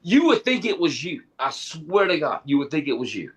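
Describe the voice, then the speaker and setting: A man co-hosting a racing chat show, telling stories in a casual, animated way and laughing as he goes. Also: on the high side, fairly quick, breathy edge. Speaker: podcast co-host.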